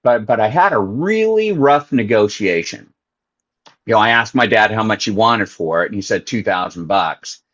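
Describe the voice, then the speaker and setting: Middle-aged male guest, storyteller, lively swooping delivery, slightly dull lo-fi sound. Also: on the low side, normal speed. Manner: animated storyteller acting out both sides of a phone call. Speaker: podcast guest. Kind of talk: storytelling in an interview.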